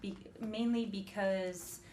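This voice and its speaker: A woman in her forties talking candidly, nervous and emotional, with halting speech. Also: medium pitch, steady tone, darkish tone, a little hiss or hum. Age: 40s. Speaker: documentary subject. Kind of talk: candid conversation. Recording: background music over the scene.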